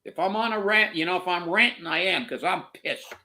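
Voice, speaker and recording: This man rants fairly quickly on a political show he co-hosts, furious and profane, tripping over and repeating his words when worked up. His bright, edgy voice sits high for a man.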